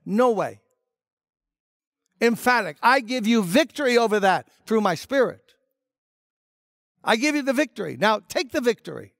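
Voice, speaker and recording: High-voiced emphatic male preacher, dry sound. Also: sing-song, normal speed, gravelly, fairly bright tone, no echo. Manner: emphatic, conversational preaching with rhetorical questions. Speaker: pastor. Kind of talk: sermon.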